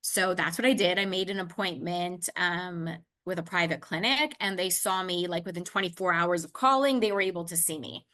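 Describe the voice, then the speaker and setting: A woman in an interview telling a personal story in a casual, animated way, acting out the conversations and often saying "like". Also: fairly low pitch, moderate pace, few pauses. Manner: animated, acts out dialogue, frequent "like".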